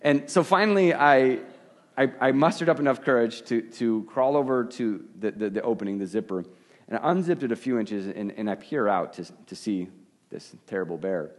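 A man's voice: medium pitch, moderate pace. A middle-aged male pastor preaching, telling a self-deprecating story with frequent restarts and stammered repeats. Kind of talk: sermon with personal story.

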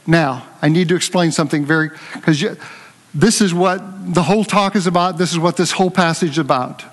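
An older man preaching a conversational sermon, telling a lively story and joking with his congregation. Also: on the high side, fairly quick, long reverb tail. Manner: animated storytelling, jokes with the congregation.

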